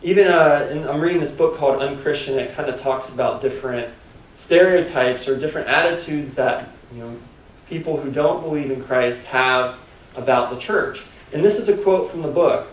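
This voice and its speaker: A man's voice: a little high, moderate pace. A man preaching a sermon as pastor, in a loose, conversational way full of "like" and "kinda", asking the congregation questions. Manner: conversational, filler-heavy preaching with rhetorical questions. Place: church sanctuary. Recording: echoey church hall, mic at a distance.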